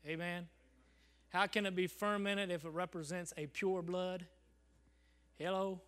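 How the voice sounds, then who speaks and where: A man preaching a sermon in a church service, swinging from loud calls to hushed near-whispers and calling "Amen?" to the congregation. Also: sits high, fairly even intonation, measured pace, clean tone. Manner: acts out congregants in quoted voices, asks the crowd "Amen?".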